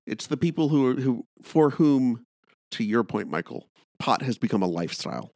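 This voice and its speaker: A man's voice: medium pitch, very animated, normal speed, creaky, darkish tone, dry recording, studio quality. A man co-hosting a casual chat podcast, ranting with opinionated, sarcastic energy. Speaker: podcast co-host.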